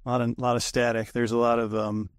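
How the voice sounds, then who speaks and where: A man's voice: mid-range voice, little pitch movement, fast talker, no echo, clean studio sound. A man chatting casually as a cybersecurity guest, rambling and profane, full of fillers and restarts. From United States. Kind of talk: casual podcast chat.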